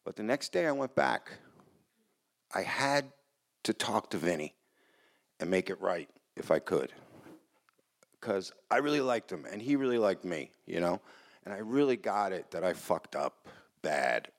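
A man's voice: low voice, animated, measured pace, long pauses. A man telling a personal story live on stage in a casual, rambling way, swearing and restarting his sentences. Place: small hall in front of a live audience.

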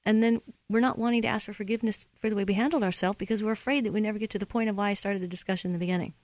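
A woman's voice: medium pitch, racing, no room sound. Earnest woman radio advice host. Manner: earnest, steady, teacherly. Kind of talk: Christian relationship advice talk.

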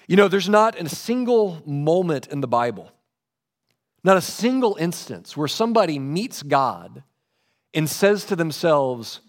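A man preaching a sermon, lively in delivery, dropping low and soft when quoting scripture. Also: unhurried. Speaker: pastor.

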